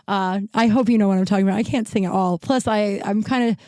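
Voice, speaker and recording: A woman's voice: medium pitch, steady tone, fast talker, darkish tone, no room sound. Casting note: candid woman in her thirties, still unwell and short of breath, chatty solo podcast with a dry, close sound. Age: 30s. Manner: rambling, frank, with many likes and restarts. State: recovering from illness, short of breath. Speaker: podcast host. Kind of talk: casual solo podcast monologue. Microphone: new podcast mic.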